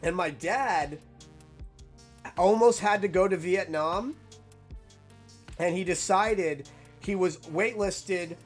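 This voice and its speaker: A young man telling a casual, rambling story, animated and full of "like" fillers. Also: sits high, takes it slowly, long pauses, faint music behind.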